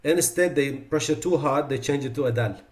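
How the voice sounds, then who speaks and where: A man at a medium pitch leads a class on reciting the Quran. He steps through common pronunciation mistakes and slows right down to model each sound, often saying it twice. Between examples he talks in a relaxed, off-the-cuff way. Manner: explanatory, demonstrates pronunciations slowly and repeats them; loose, conversational asides with fillers. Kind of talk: online class lecture.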